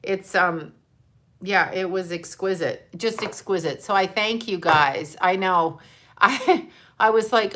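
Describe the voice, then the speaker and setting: A woman's voice: medium pitch, fairly even intonation, unhurried, a bit bright. An older woman, a grandmother, chatting casually and emotionally on a livestream, rambling and swearing now and then. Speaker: livestream host.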